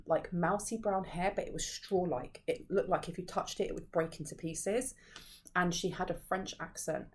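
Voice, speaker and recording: A woman doing a casual tarot reading to camera, talking in a rambling, conversational way with frequent restarts. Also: lowish voice. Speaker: tarot reader.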